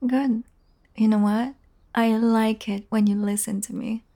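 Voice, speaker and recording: A woman's voice: fairly high pitch, level tone, unhurried, creaky, mellow. A young woman in a casual audio role-play, talking straight to the listener, teasing and swearing freely and often dropping into a whisper.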